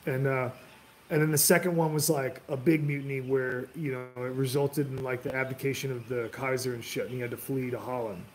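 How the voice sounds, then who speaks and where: A man's voice: on the high side, a little hiss or hum. A man giving a casual, rambling history talk, loose and profane, full of filler words and restarts.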